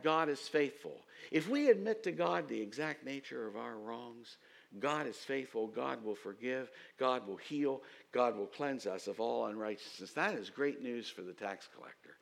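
A man preaching a sermon as pastor, telling stories and rising to loud, emphatic outbursts. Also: mid-range voice, a little slow, vocal fry.

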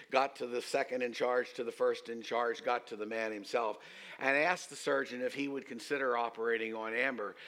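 A man preaching in a church, his voice bright and ringing. He leads the congregation in call-and-response. He swings between loud, emphatic declarations and hushed, low storytelling. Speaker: pastor. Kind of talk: sermon. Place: church sanctuary.

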